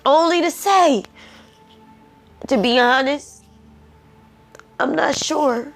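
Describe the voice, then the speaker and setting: Woman, emotional commentary, preachy, repetitive, drawn-out delivery, high-ish voice. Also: faint music behind. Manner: emotional, preachy, repeats herself. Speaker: commentary vlogger.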